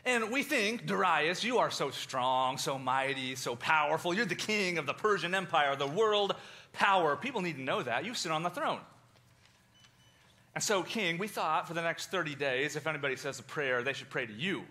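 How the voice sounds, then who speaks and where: A man voicing a group of scheming male conspirators who flatter a king with oily praise. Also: on the high side, fast talker, hardly any pauses. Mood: fawning.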